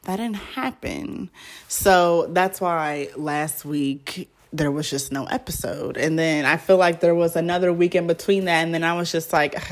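A woman's voice: low-pitched, steady tone, measured pace. A young woman hosting her own podcast, chatting casually and rambling with lots of fillers. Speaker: podcast host. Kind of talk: casual solo podcast chat.

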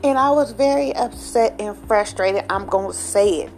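A woman vlogger talking straight to her viewers in a casual, animated, slang-filled way, often tagging lines with "okay?". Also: medium pitch, moderate pace, faint music behind. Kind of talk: casual direct-to-camera chat.

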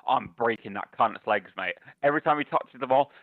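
A young man rants and swears in a casual podcast chat, and every few words he tosses in "mate" or "bruv." His voice sits at an average pitch. The recording is dry and a little dull, with no room sound. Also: a little fast, no echo. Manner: animated ranting, heavy swearing, repeats "mate" and "bruv". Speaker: podcast co-host.

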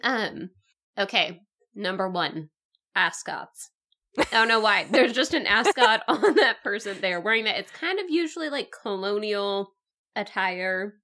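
A woman co-hosting a casual podcast, going off on animated, rambling tangents and laughing often. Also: mid-range voice, normal speed. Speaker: co-host.

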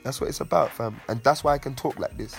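A man's voice: medium pitch, fast, creaky, faint music behind. A man hosting a podcast, ranting in a preachy, profane, emphatic way. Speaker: podcast host. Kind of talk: casual podcast chat.

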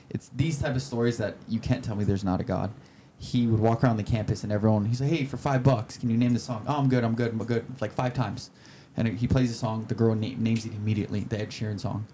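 A man in his twenties, a podcast guest, telling heartfelt stories in an earnest, halting way. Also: on the low side, dark tone, a little hiss or hum. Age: 20s. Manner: halting, searching for words. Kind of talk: casual interview chat.

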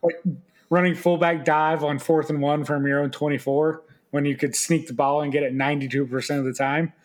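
Lively man co-hosting a sports podcast. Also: fairly high pitch. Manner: animated storyteller, does quick mock voices. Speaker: podcast co-host. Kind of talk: casual sports chat.

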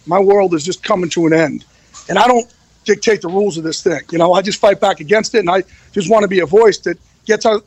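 A man's voice: sits high, no echo, rough recording. A man speaking as a podcast guest, candid and emotional, swearing freely. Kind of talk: casual podcast interview.

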